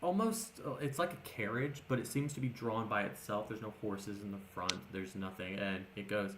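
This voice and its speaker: A man's voice: on the low side, normal speed, a bit bright, slight background noise. A man narrating as game master in a tabletop game, rambling with many fillers and restarts. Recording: echoey room with faint music.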